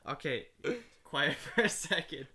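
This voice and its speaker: A young man co-hosting a podcast, trading deadpan quips in casual chat. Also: fairly high pitch, a little slow, breathy edge. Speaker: podcast co-host.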